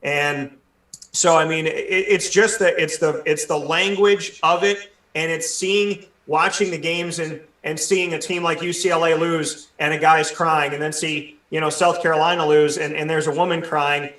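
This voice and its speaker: A man hosting a sports talk show, speaking in an animated way with many restarts. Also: a little high, normal speed, reverberant, recorded from a distance. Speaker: sports radio show host. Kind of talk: casual discussion, hosting.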